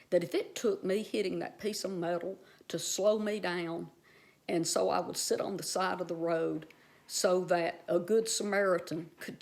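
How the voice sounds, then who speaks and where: A woman vlogger earnestly telling a personal story to her viewers, with many fillers and restarts. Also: fairly low pitch.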